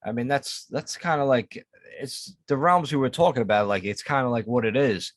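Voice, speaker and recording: A man co-hosting a podcast in relaxed casual chat, rambling and swearing. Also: medium pitch, normal speed, dry recording. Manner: laid-back, profane, rambling. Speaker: podcast co-host.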